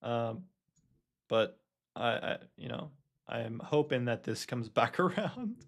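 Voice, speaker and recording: A man's voice: medium pitch, lively intonation, takes it slowly, gravelly. A man hosting a reaction show, laughing and commenting on a caller's story. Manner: laughs often, amused asides. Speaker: host.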